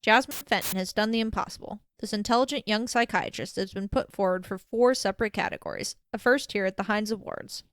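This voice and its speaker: A woman's voice: medium pitch, a little fast, few pauses, no room sound, close to an everyday voice. Woman doing a showy awards-gala announcer. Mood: grand. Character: grand, enthusiastic awards ceremony host.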